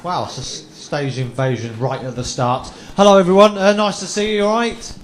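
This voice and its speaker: A man's voice: fairly high pitch, fairly even intonation, moderate pace. A young man doing a stand-up routine as a chat show guest, chatty and self-mocking, throwing tag questions at the crowd. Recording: echoey live venue with faint noise.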